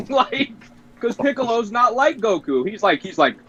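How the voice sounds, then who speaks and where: A man's voice: high voice, very animated, moderate pace, a bit bright, breathy edge. A young man streaming, talking casually and animatedly, cursing and laughing as he retells scenes. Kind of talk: casual chat. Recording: dull lo-fi stream audio.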